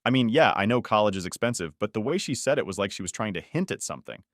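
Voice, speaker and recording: A man's voice: fairly low pitch, expressive, fast talker, no echo, studio quality. A man narrating a scripted first-person story in a casual, conversational way.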